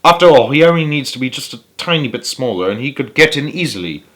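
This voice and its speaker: A man doing a gentle, lovestruck old gent. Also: mid-range voice, animated, fast, lightly acted. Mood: reassuring. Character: shy, gentle older man, clever and lovestruck.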